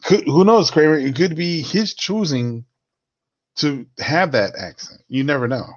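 Relaxed male co-host, animated intonation, muffled lo-fi mic. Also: a little high, measured pace. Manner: easygoing, short agreeing replies. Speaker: podcast co-host. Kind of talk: casual chat.

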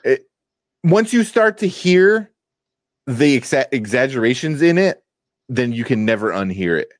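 Casual male podcast co-host, mid-pitched, loose and profane, close dry mic. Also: sing-song, a little slow, no echo. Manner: loose, swears freely, laughs often. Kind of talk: casual chat. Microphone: desk mic.

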